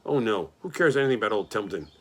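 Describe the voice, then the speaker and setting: A man's voice: fairly low pitch, expressive, racing, fairly bright tone. A man voicing a grumpy, selfish male rat who talks in a mocking, complaining way.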